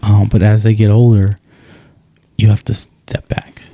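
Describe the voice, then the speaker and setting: A man's voice: fairly low pitch, level tone, measured pace, mellow, dry recording. A man co-hosting a podcast, chatting casually in a rambling way, often restarting and quoting himself. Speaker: podcast co-host.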